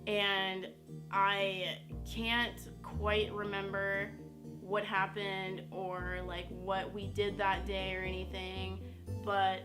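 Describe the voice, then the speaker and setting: A woman's voice: mid-range voice, level tone, takes it slowly, music in the background. A young woman telling a personal story in a casual vlog, chatty and full of fillers. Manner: chatty, lots of "like" and "you know". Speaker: YouTuber.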